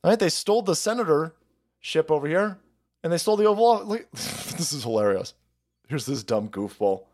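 Animated, mocking male streamer. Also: on the high side, moderate pace. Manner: crude, mocking, often laughing and yelling outbursts. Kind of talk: profane ranting commentary.

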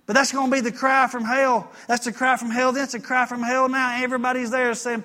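A man's voice: very high voice, flat delivery, brisk, few pauses, bright, forceful tone. A man preaching a folksy sermon, reading scripture aloud and asking the congregation for amens. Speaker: pastor.

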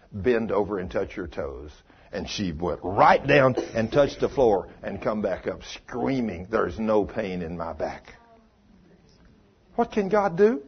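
Preacher guy telling a story, husky voice, muffled dull recording. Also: low-pitched. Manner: folksy, swings from hushed to loud and excited. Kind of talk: sermon storytelling.

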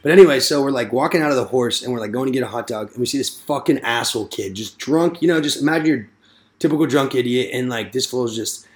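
A man's voice: medium pitch, fast talker. A man casually telling a rowdy story to friends, swearing often and acting out the voices. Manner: profane, animated storyteller.

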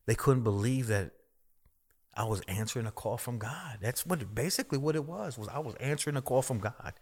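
A man's voice: mid-range voice, brisk, darkish tone, husky. A man, a minister, telling his personal testimony as a guest in a conversation, emphatic and repetitive as he tells the story.

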